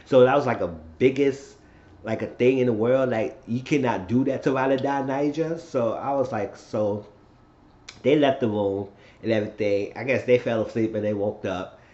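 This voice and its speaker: A man's voice: medium pitch, moderate pace, darkish tone. A man casually recapping a TV episode, telling it as a rambling story with asides and cursing. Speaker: TV show recap host. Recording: roomy, dull lo-fi sound.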